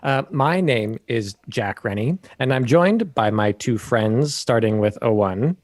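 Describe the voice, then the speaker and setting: A man's voice: mid-range voice, lively intonation, a little slow, dry recording, studio quality. A man hosting a podcast in casual, joking chat. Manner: loose, joking, full of fillers and restarts. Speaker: podcast host.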